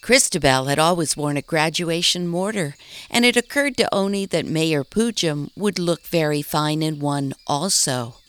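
Woman narrator for storybook reading, low and unhurried, smooth clean voice. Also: no echo. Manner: calm, even storytelling.

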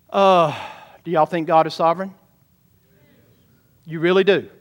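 A man's voice: on the high side, brisk, pauses often. A man, a pastor, preaching a sermon emphatically and often calling out questions to his congregation.

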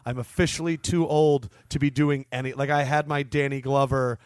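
A man's voice: mid-range voice, normal speed. A man in his early thirties co-hosting a podcast, chatting casually and acting out bits of dialogue in his stories. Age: 30s. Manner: animated storyteller, acts out dialogue. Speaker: podcast co-host. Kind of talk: casual chat.

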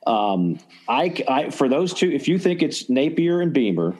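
A man hosting a casual sports podcast in an enthusiastic, rambling way. He often restarts his sentences and speaks at an ordinary mid pitch. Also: very animated, measured pace, a little mellow. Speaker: podcast host.

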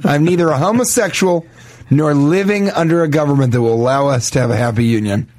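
A man acting out an indignant husband-lecturer in a comedy bit, scolding in stiff, mock-formal phrases. The voice stays close to ordinary talk, a bit raised in pitch and louder, in a dry, close recording. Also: normal speed, no room sound, lightly acted.

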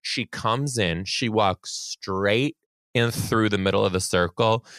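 A man's voice: on the low side, slow, fairly bright tone, no room sound, studio quality. A young man on a podcast, animatedly retelling a story from his teaching days, swearing and getting worked up. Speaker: podcast co-host, former teacher. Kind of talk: casual storytelling chat.

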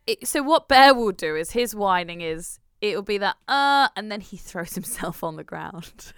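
Thoughtful woman, smooth voice. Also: medium pitch, expressive, a little slow, dry recording, clean studio sound. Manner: thoughtful and self-questioning, warm agreeing. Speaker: podcast co-host. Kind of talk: casual chat.

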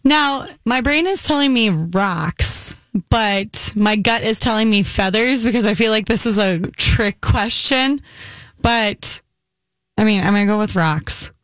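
A woman's voice: mid-range voice, measured pace, smooth, dry recording. A woman co-hosting a radio show, answering a riddle casually and thinking aloud. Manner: easygoing, thinks aloud and jokes. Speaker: radio co-host.

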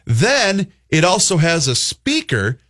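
A male radio host chatting casually on a studio mic. He tells stories with animation and acts out what people said. His voice sits a bit high for a man. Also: takes it slowly. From Minnesota. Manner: animated storyteller, acts out quotes.

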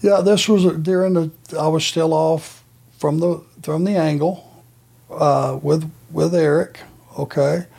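An older man speaks with a gravelly, husky voice in a flat, unhurried tone. He tells stories casually on a podcast, stopping often to find his words. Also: a little high. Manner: relaxed storytelling with many fillers. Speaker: co-host, retired wrestler.

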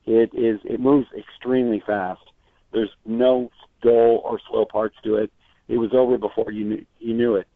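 A man's voice: mid-range voice, flat delivery, normal speed, no echo. A man, an entertainment reporter, chatting as a guest and telling stories, often restarting his sentences. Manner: chatty storyteller with frequent restarts. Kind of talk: casual phone interview. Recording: tinny phone line.

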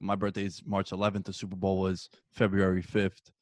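A man in his early thirties hosts a casual sports chat, telling stories with lively energy and plenty of swearing. His voice sits a bit low and sounds dry and close to the mic. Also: a little fast, no room sound. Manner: animated storytelling, swears and says dude. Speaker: sports podcast host.

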